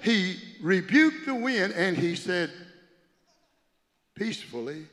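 A male pastor preaching a sermon to a congregation, swinging from loud preaching to a hushed near-whisper and calling on the people to respond. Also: sits high, animated, moderate pace. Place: church. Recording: long reverb of a church hall.

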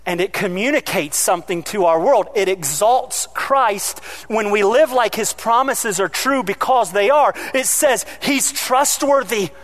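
A man with a very high voice for his sex preaches a sermon. He is animated, building to loud emphatic peaks and then dropping to quiet asides. He tosses in joking remarks to the congregation along the way. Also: unhurried. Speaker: pastor.

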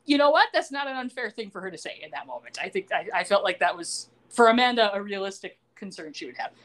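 A woman's voice: mid-range voice, expressive, fast talker, fairly bright tone. A woman co-hosting a podcast, casually recapping a TV episode in a loose, chatty way with lots of fillers and asides. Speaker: podcast co-host.

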